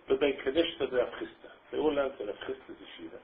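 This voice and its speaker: A man's voice: mid-range voice, animated, fast, hardly any pauses, husky. A man giving a Talmud lecture, chanting the quoted texts in a sing-song tune. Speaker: Torah lecturer. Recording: tinny phone-line recording.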